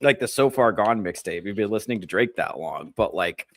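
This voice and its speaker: A man's voice: on the low side, expressive, fairly quick, a bit bright. A man hosting a comedy podcast, ranting with crude, sarcastic mockery. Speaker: podcast host. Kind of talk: comedic commentary rant.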